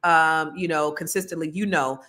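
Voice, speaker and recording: A woman's voice: deep voice, fairly even intonation, moderate pace, sharp tone. A woman, hosting a casual livestream and chatting animatedly with her viewers. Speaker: livestream co-host.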